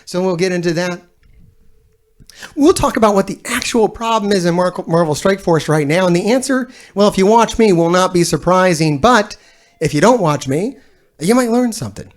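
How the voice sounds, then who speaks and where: A gaming streamer and video host rants casually to his live chat, blunt, profane, and exasperated, rambling with restarts and frequent laughs. His voice sits high and sounds animated at a moderate pace.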